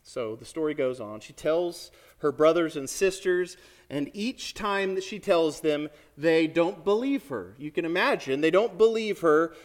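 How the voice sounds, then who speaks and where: Conversational priest preaching a sermon. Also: male voice, fairly high pitch, measured pace. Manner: lively, conversational preaching with asides to the congregation.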